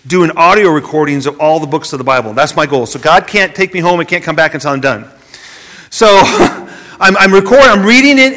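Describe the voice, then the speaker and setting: A man preaching a sermon, dropping from loud emphasis to a hushed near-whisper and often repeating words as he goes. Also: fairly high pitch. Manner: repeats words as he searches for phrasing.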